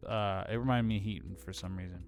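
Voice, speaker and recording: A man's voice: fairly low pitch, steady tone, fast, faint music behind. Young man chatting loosely about movies. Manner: loose, hedging, many "like"s. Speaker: podcast co-host. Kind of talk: casual film discussion.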